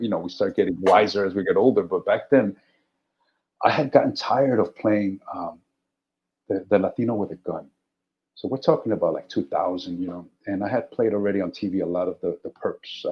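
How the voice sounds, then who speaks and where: Middle-aged man, animated storyteller, low voice, dull lo-fi audio. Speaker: guest actor. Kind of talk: casual interview storytelling.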